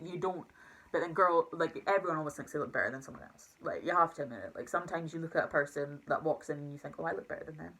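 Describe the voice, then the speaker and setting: Young woman vlogger, low bright voice, rushed confessional rambling. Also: low-quality recording. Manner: rambling, emotional, full of fillers and restarts. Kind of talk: casual confessional talk to camera.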